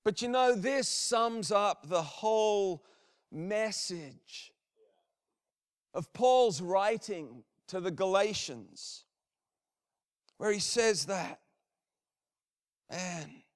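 Minister man preaching, earnest, slow, smooth voice, dry recording. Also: high voice, dry recording. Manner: earnest, animated preaching with repeated restarts. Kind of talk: sermon.

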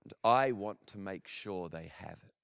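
A man preaching a sermon as a minister, earnest and animated, often restarting his phrases. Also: deep voice, measured pace, creaky, clear, resonant tone, dry recording.

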